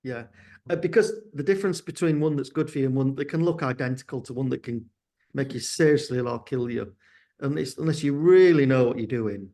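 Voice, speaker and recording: A man's voice: mid-range voice, brisk, warm tone. A sounding man answering interview questions, hesitant and candid, often restarting his sentences. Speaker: guest, company founder.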